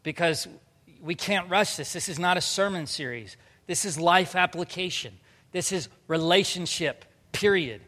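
Animated high-voiced male pastor, echoey hall. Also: moderate pace. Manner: animated, swings from loud emphatic bursts to quiet earnest tones. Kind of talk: sermon.

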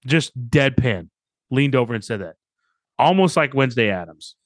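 A man's voice: mid-range voice, lively intonation, moderate pace, no room sound. A man in his thirties co-hosting a podcast, in the middle of his range, chatting loosely and spinning joking stories. He acts out other people's lines as he goes. The sound is close and dry, with no room in it. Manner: storytelling, joking, acts out quotes. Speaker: podcast co-host. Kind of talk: casual chat.

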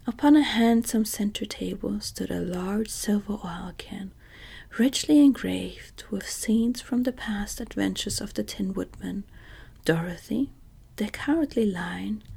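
A woman reading a children's fantasy story aloud in a whispered role-play, soft and even. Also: medium pitch, creaky, breathy edge.

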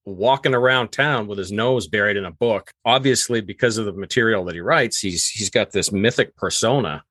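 A man's voice: lowish voice, fairly quick, fairly bright tone, no echo. A man in his forties from Maine, co-hosting a podcast with playful, theatrical chatter. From Maine, USA. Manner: playful, theatrical, hammy greetings. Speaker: podcast co-host. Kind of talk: casual podcast chat.

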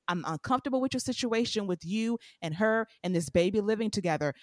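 A woman co-hosting a podcast, casually recapping a TV show in a blunt, animated way and acting out the lines she quotes. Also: mid-range voice, quick pace, no room sound, studio quality. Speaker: podcast co-host.

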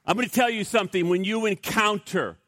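A man's voice: sits high, fairly quick, pushed and bright, no echo. A male pastor preaching a sermon, telling stories animatedly with stammering restarts.

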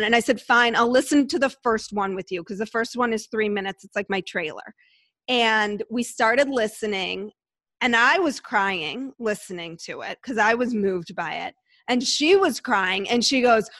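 A woman chatting casually about her podcast, with animated storytelling and lively quoted asides. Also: fairly high pitch, normal speed, no echo. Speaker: podcast host and guest. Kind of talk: casual conversation.

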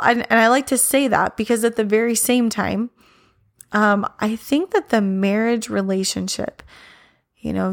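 Mom host in her thirties, earnest and rambling, mid-pitched, voice a bit worn. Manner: earnest, rambling with many fillers. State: losing her voice a little. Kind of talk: encouraging faith talk.

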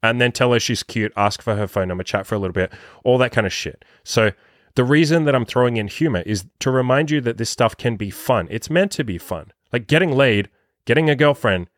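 A man's voice: brisk, no room sound. Swearing podcaster man, dry close sound. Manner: profane, animated, acts out his own quotes in a higher voice. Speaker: dating coach. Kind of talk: casual podcast monologue.

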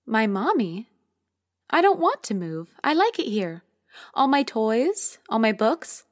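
A woman reading a short story and voicing a five-year-old girl who is insistent and wistful, speaking high and pleading. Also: sing-song, slow pace. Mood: childlike.

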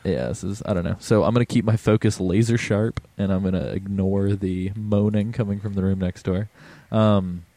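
A man's voice: on the low side, normal speed, hardly any pauses, warm tone, no echo. A man hosting a casual podcast, rambling with lots of ums and swearing freely. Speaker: podcast host.

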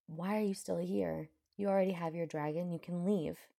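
A woman's voice: lowish voice, fairly even intonation, normal speed, vocal fry, dark tone. A woman voicing a hot-tempered young witch, speaking with heated indignation. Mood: indignant.

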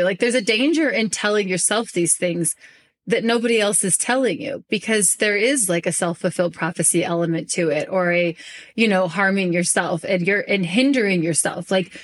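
Fast-talking woman podcast host. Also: mid-range voice. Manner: talks fast, rambling with many fillers. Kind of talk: casual podcast chat.

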